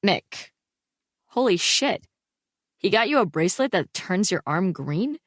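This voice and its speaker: A woman voicing a teenage boy with a deep, slightly gravelly voice, dry and teasing on the phone. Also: very animated, measured pace, no room sound.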